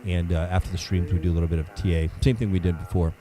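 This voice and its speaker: A man's voice: sits low, level tone, very fast, a crowd in the background, rough recording. A man hosting a casual livestream, greeting viewers by name in a laid-back way, a little under the weather and sniffling. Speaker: livestream host.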